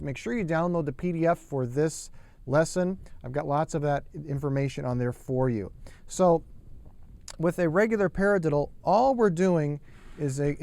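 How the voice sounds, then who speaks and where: In an instructional drum lesson, a man explains things patiently, step by step, counting the sticking patterns and calling out the hand patterns aloud. His voice is on the high side and a little mellow.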